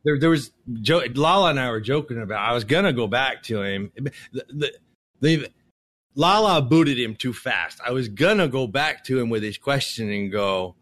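Male podcast co-host, casual exasperated ranter, heavy swearing, mid pitch. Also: expressive, normal speed, fairly bright tone. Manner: profane, exasperated storytelling with put-on quoted voices. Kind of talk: casual ranting chat.

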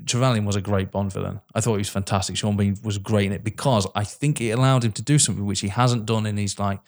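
A lower-voiced man talking films with a friend. He is enthusiastic and sweary, and he drops "mate" into almost every thought. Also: steady tone, quick pace. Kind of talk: casual film chat.

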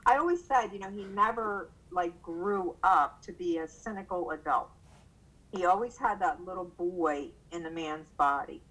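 Bright, animated older woman storyteller. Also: moderate pace, low-quality recording. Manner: animated, acts out quoted voices with big pitch jumps. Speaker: interviewee, mother recalling her son. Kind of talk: casual storytelling in a conversation.

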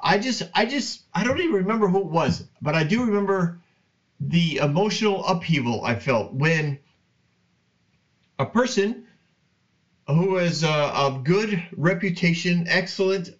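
A man hosting a Bible podcast, talking slowly in a casual, rambling way, with many restarts. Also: sits high, animated, muffled recording. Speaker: podcast host. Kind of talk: casual Bible teaching monologue.

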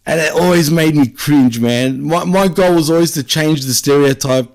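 A man's voice: a little high, normal speed, darkish tone. A man with an Australian accent, co-hosting a casual wrestling podcast, chatting and laughing a lot. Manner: laughs often, tags lines with "right?". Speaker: podcast co-host. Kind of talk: casual wrestling recap chat.

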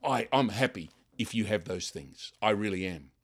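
An older man preaching a sermon, impassioned and building to loud dramatic passages. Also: on the low side, animated, moderate pace, vocal fry, slightly rough. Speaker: pastor.

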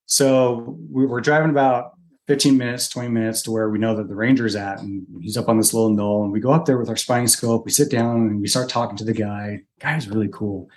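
A man's voice: fairly low pitch, fairly quick. A man in his forties, a podcast guest, telling a story in casual conversation and acting out the quotes. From Utah. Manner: animated, chatty storyteller who acts out quotes.

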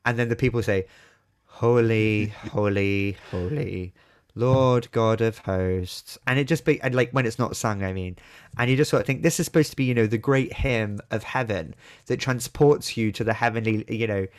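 A man co-hosting a podcast in casual chat, playful and animated, acting out quotes as he talks. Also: medium pitch, fast talker. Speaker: podcast co-host.

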